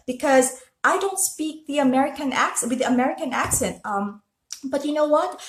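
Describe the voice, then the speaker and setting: A woman's voice: high-pitched, expressive, normal speed, echoey room. A woman from the Philippines with a Filipino accent, talking earnestly and chattily to her viewers in a casual motivational talk. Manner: earnest and chatty, with frequent restarts and laughs. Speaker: host.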